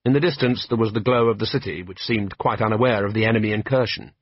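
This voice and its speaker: Man narrating dryly, husky voice. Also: fairly low pitch, fast, dry recording, highs cut off. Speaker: audiobook narrator. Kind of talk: scripted narration.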